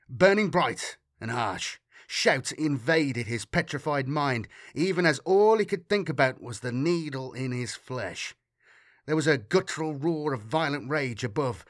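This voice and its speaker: Man reading a sci-fi audiobook, steady dramatic delivery, mid pitch, dry close sound. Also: no room sound. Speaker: audiobook narrator. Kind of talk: scripted narration.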